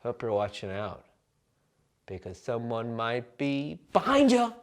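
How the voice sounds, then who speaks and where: Guy rambling to his vlog camera, silly deadpan bits, lots of um and like. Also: mid-range voice, measured pace, heavy background noise. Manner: absurd, deadpan jokey, lots of fillers. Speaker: vlogger. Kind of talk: rambling comic monologue.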